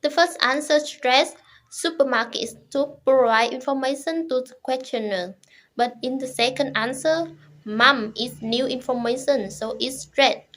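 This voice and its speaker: A young woman presents to her class. Her voice sits high, and she reads slowly and formally in short, halting phrases. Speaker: student presenter.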